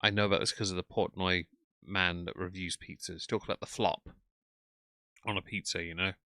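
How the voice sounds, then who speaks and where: A man's voice: deep voice, steady tone, moderate pace, bright, forceful tone, no echo. A man, commenting bluntly and sarcastically while reading out chat on a live stream.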